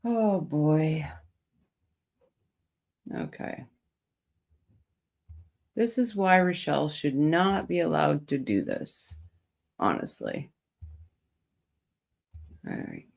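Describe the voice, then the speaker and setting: A woman's voice: sits low, very animated, drawn-out words, creaky, pauses often, darkish tone. A woman hosting a true crime livestream, chatting casually with viewers and reading their comments while coming down with a cold.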